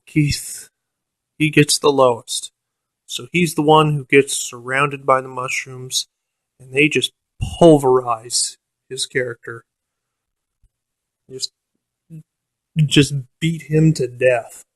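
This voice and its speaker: A man's voice: medium pitch, steady tone, takes it slowly, pauses often, no echo. Man, casual profane storyteller, fillers and restarts, dry close recording. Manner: quotes the game master in a mocking voice. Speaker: storyteller recounting a tabletop game. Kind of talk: casual anecdote.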